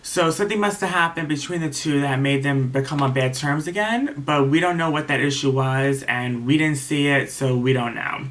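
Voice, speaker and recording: A man's voice: mid-range voice, moderate pace, few pauses, fairly bright tone. Rambling, opinionated man recapping. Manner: rambling, retells quotes, many ums and restarts; opinionated, sides openly. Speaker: reality TV recap vlogger. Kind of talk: casual episode review.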